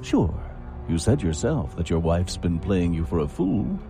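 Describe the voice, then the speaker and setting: A man's voice: sits low, sing-song, a little slow, gravelly, over music, full character voice. An actor playing a sly, devilish man posing as a suicide hotline counselor, coaxing and sinister. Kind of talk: audio drama acting.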